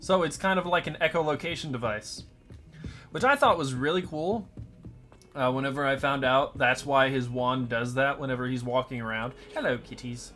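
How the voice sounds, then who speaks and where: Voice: mid-range voice, normal speed, sharp tone, soft background music. A streamer giving playful, joking commentary while playing a video game, at times in a mock posh voice. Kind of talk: casual let's-play commentary.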